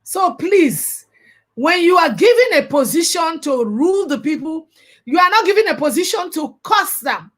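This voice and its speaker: A young woman with a Nigerian accent and a high-pitched voice delivers an impassioned commentary monologue. She talks in a preachy, fervent way and mixes pidgin phrases into her English. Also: sing-song, moderate pace. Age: young adult. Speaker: vlogger.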